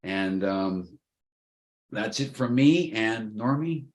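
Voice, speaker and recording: A man's voice: on the low side, animated, slow. Man, 50s, co-host, eager folksy chatter on a video call. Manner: enthusiastic, folksy, keeps saying "man" and "folks". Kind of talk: casual chat.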